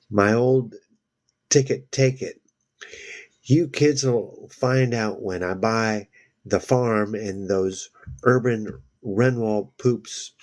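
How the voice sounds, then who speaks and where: A man's voice: mid-range voice, close to an everyday voice. A man voicing a grumbling, gloomy old shopkeeper in a novel reading.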